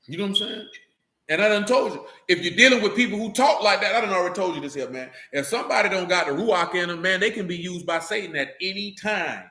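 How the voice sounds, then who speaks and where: Man, high voice, casual religious teaching, slangy and joking, echoey room. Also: fast talker. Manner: animated, slangy and joking, with frequent asides. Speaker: speaker leading a religious assembly talk.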